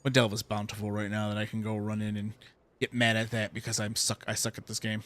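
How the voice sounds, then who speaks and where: A man's voice: fairly low pitch, monotone, quick pace, a bit bright. A man streaming a game, ranting heatedly with lots of swearing. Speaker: gaming streamer. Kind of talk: ranting commentary while playing a game.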